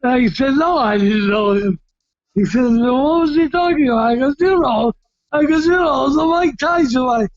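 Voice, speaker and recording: A retired heavyweight boxer from Massachusetts, appearing as a guest, tells stories in a casual interview. He's loud and high-pitched, excitable and often shouting, with frequent restarts and repeats at a normal speed. The lo-fi recording has no echo.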